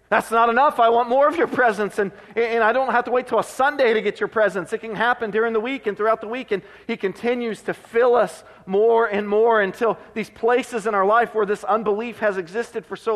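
Pastor, male, high-pitched, earnest conversational sermon delivery, reverberant sanctuary sound. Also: fairly bright tone. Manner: earnest, conversational preaching with restarts. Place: church sanctuary. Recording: long hall reverb.

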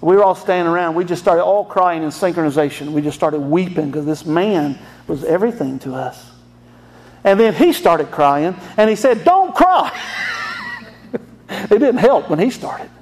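A man's voice: a little high, normal speed, darkish tone. A middle-aged man, a pastor telling an emotional family story in a folksy sermon.

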